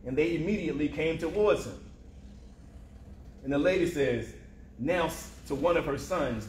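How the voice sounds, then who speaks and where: A male preacher telling a story in a slow, deliberate sermon style. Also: on the high side, a little mellow, a little hiss or hum. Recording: roomy echo.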